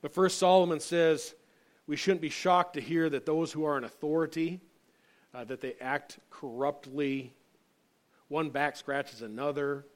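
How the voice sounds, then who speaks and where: A man's voice: fairly high pitch, steady tone, a little slow. A male pastor giving an earnest sermon, reading scripture and building to emphatic points with frequent fillers.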